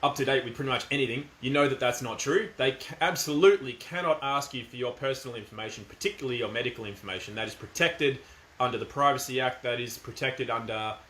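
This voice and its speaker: A man's voice: medium pitch, fast talker, fairly bright tone. A middle-aged man with an Australian accent, talking in a casual, firm and emphatic monologue. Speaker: commentator. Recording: echoey room.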